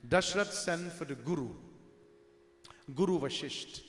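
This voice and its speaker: A man tells a devotional story in a fairly high voice, calling his listeners dear friends. Hindi devotional words run through his English. His voice rings through an echoey hall with a long reverb tail. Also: measured pace, a bit bright. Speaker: religious storyteller.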